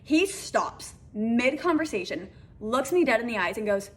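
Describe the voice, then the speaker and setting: Young woman, casual story to camera, filler-heavy talk, very lively pitch. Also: moderate pace, few pauses. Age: young adult. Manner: animated, acts out voices in quotes, many "like" fillers.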